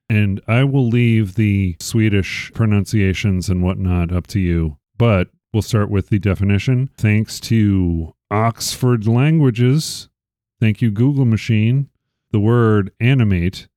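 A man hosting a podcast, reading out word definitions deliberately and asking questions. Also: fairly low pitch, dark tone, dry recording, studio quality. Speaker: podcast host. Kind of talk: casual interview chat.

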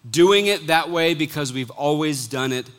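Middle-aged male pastor, sermon, bright and forceful, lively quotes and soft drops. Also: a little high, moderate pace. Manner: animated, acts out quotes, sudden quiet drops.

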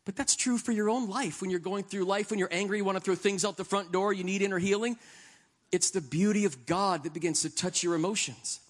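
A man preaching a sermon in an earnest, conversational way, shifting between quiet reflection and emphatic stretches. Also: high voice, fairly quick.

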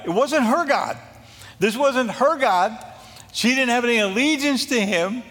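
A man preaching a sermon as a pastor, telling a Bible story in a lively, joking way and acting out what the characters say. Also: very high voice, measured pace, in a large hall. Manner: animated, jokey storytelling that acts out scripture quotes.

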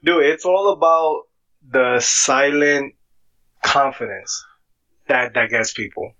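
A man's voice: mid-range voice, slow pace, pushed and bright. Laid-back slangy man, dull sound. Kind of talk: casual chat.

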